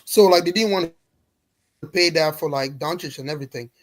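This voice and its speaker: A man's voice: a little high, a little fast. A man rambling through a casual group chat, full of filler words. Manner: rambling, heavy on fillers like "like" and "bro". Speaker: panel guest.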